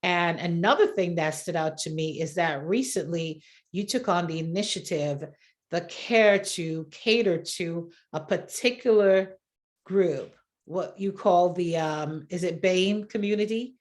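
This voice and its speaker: A woman's voice: fairly low pitch, a little slow. A woman hosting a podcast who introduces her guest with effusive, encouraging praise. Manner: effusive, warm and encouraging, laughs often. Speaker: podcast host. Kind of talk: casual interview chat.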